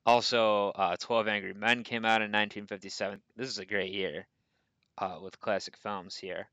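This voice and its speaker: A man's voice: on the low side, moderate pace, no room sound, low-quality recording. A man co-hosting a casual movie podcast, talking through films and arguing his opinions with energy. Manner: animated, pushes back in debate. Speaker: podcast co-host.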